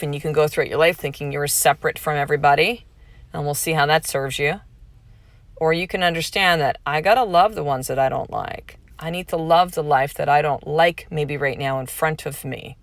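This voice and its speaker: A woman's voice: sits low, a bit bright, dry recording. A woman in her thirties hosting a podcast, talking in a frank, casual, motivational way, swearing freely and leaning hard on key words. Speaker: podcast host. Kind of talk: candid motivational monologue.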